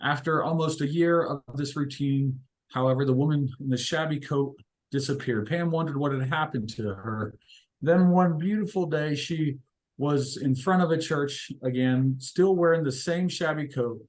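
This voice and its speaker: His voice sits on the high side with a darkish tone, and he talks at normal speed. This male discussion leader tells inspirational stories in a reflective, faltering way with plenty of fillers.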